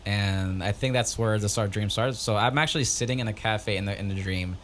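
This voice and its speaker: This is a man with a voice on the low side, co-hosting a casual podcast. He tells his stories in a lively way and slips into the voices of the people in them. A faint hiss sits under the recording. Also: fairly quick. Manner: animated storyteller, acts out quoted voices. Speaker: podcast co-host. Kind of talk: casual chat.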